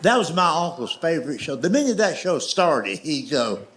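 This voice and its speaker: A man's voice: on the high side, big pitch swings, normal speed, fairly bright tone. A man with a Southern US accent doing stand-up storytelling, folksy and drawn out, with dry asides. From Southern United States. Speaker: stand-up comedian. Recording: live show with audience noise. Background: audience laughter.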